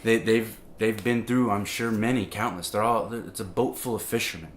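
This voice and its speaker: Man, deep voice, casual sermon, halting and conversational, faint ambient noise. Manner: conversational, many fillers and restarts, grows animated at the climax. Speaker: preacher. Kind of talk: informal sermon.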